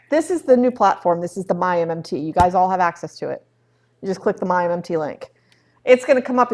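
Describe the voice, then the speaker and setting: A woman running a real estate training session in a relaxed, chatty way. She livens up her explanations by acting out short dialogues from stories. Her voice sits at a middle pitch. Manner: chatty, acts out dialogue in anecdotes.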